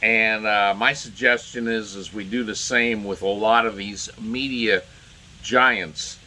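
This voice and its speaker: A man's voice: on the low side, fairly even intonation, slow, sharp tone. A man giving indignant solo political commentary, rambling with many fillers and restarts.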